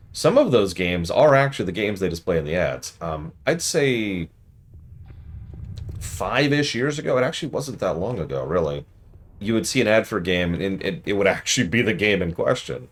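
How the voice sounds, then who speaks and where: Deep-voiced male streamer, wry and ranting. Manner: wry, ranting, mocks the ads he criticizes. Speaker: game streamer. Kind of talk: casual commentary while playing.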